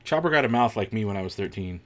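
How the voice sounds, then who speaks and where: A man's voice: lowish voice, lively intonation, fast talker, a bit bright. A man hosting a live watch-along stream, chatting casually with viewers, reacting to the show and laughing often.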